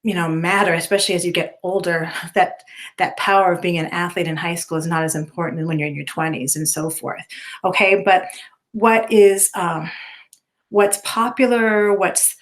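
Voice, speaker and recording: A woman's voice: lowish voice, fairly even intonation, normal speed. A middle-aged woman teacher giving a recorded lecture to students in a conversational way, with many fillers and tag questions.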